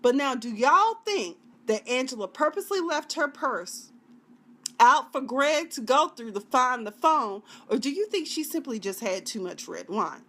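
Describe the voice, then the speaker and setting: A woman's voice: high-pitched, lively intonation, measured pace, fairly bright tone. A woman reviewing a TV drama in a chatty, dramatic way, now and then acting out the scenes in put-on voices. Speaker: TV show reviewer. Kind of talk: casual video review.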